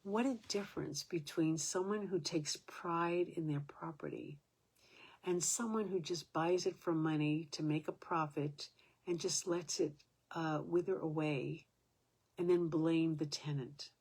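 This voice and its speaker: A woman's voice: deep voice, fairly even intonation, unhurried, darkish tone, slightly rough. An older woman at home, talking to her own camera in a rambling, aggrieved way, with many fillers. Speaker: vlogger. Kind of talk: casual talk to camera.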